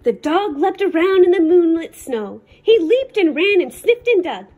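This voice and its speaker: Animated woman reading a children's story. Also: very high-pitched, moderate pace. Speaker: library storyteller. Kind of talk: children's read-aloud.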